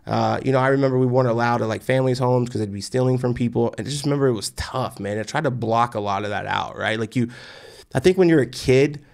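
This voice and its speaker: A man's voice: mid-range voice, quick pace, creaky. A man in his forties from near Austin, Texas, telling his life story as a guest in an interview, intense and emphatic, often adding "right?". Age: 40s. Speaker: guest entrepreneur.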